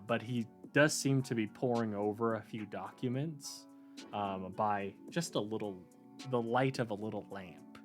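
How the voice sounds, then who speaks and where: A man narrating a tabletop game as game master, hesitant and full of fillers. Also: fairly low pitch. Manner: hesitant, many fillers and restarts.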